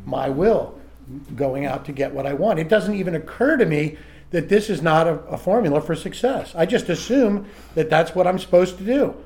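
A middle-aged man sharing candidly in a recovery group, self-mocking and halting, often restarting his sentences. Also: a little high, lively intonation, darkish tone.

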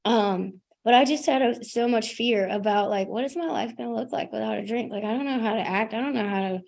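A woman's voice: on the high side, brisk, vocal fry, a little mellow. Candid woman sharing her recovery story. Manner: casual and self-deprecating, heavy with fillers. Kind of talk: candid personal share at a recovery meeting.

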